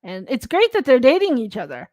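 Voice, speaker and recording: A woman co-hosts a podcast in relaxed, rambling chat over a video call, laughing often. Her voice sits a little high. The sound is dry and close. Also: a little fast, dry recording. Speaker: podcast co-host. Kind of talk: casual chat.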